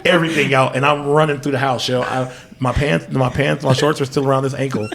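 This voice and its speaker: A man hosting a podcast, telling a story in a loose, profane, animated way and dropping "yo" constantly. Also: medium pitch, a little fast, gravelly, noisy background. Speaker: podcast host. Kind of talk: casual storytelling chat.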